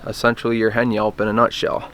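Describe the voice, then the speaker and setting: Low-voiced man explaining a technique. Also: completely flat delivery, fast, heavy background noise. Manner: plainspoken, hesitant, restarts while explaining. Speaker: turkey call instructor. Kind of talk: casual how-to demonstration.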